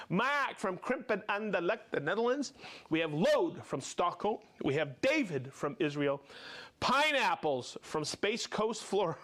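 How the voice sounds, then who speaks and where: Cheery guy hosting a live show, reads out names fast and friendly, high lively voice. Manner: upbeat, reads off viewer names with quick asides. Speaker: livestream host. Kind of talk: live stream greetings.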